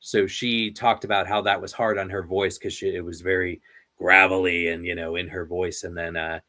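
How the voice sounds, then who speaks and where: A man's voice: sits low, flat delivery, moderate pace, pushed and bright. A man hosting an interview, telling rambling stories in casual chat and laughing often. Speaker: interview host.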